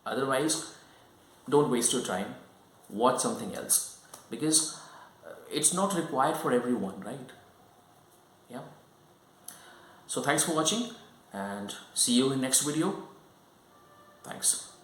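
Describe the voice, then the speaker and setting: A man teaches an online English lesson at a mid pitch, explaining patiently and checking in with his viewers as he goes. His voice carries a roomy echo, and he talks in a plain, instructive way. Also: lively intonation, slow, long pauses. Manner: explanatory, keeps checking in with "right?" and "okay?".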